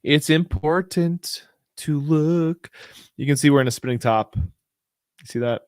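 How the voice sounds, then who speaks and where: A man's voice: a little high, takes it slowly, dry recording, studio quality. A man hosting a casual crypto show, talking through price charts in a rambling, chatty way with lots of fillers and restarts. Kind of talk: casual live chart commentary.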